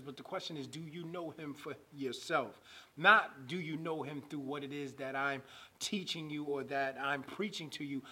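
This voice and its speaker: Preacher, male, slightly high husky voice, builds to forceful emphatic peaks, stretches out scripture readings. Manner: rising to loud emphatic preaching, slowing to draw out scripture. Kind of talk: sermon.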